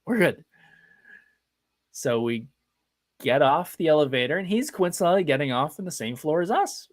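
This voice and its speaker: A man's voice: a little high, lively intonation, a little fast. A man hosting a live podcast, telling casual, anecdotal stories in a chatty, self-deprecating way. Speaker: podcast host.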